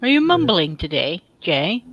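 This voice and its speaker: A woman's voice: on the low side, big pitch swings, unhurried, muffled recording. A woman from Sweden, chatting casually and teasingly on a livestream, giggling often. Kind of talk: casual chat.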